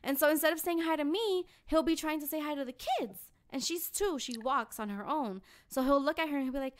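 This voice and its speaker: Young woman, podcast co-host, casual chat, blunt, profane, animated, slightly high voice. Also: fast, hardly any pauses.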